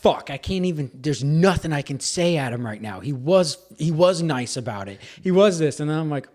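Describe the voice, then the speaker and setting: A man's voice: a little high, lively intonation, moderate pace, darkish tone. A man co-hosting a podcast, chatting casually and laughing often as he talks. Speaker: podcast co-host. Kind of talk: casual chat.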